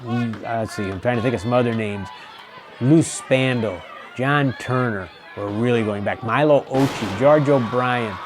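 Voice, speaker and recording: Folksy man calling wrestling play-by-play. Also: medium pitch. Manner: folksy, chatty, reminiscing between calls. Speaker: wrestling show host and play-by-play commentator.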